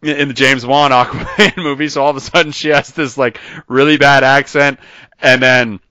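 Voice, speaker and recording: A man's voice: medium pitch, fairly even intonation, moderate pace, bright, forceful tone, smooth, no room sound. A man hosting a podcast, ranting in casual chat and laughing often. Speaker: podcast host. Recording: dull lo-fi dry podcast mic.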